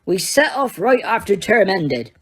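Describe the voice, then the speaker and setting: A woman voicing a gruff giant gamekeeper. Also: medium pitch, big pitch swings, measured pace. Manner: blunt, dialect-heavy speech. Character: huge gruff bearded gamekeeper man, secretive.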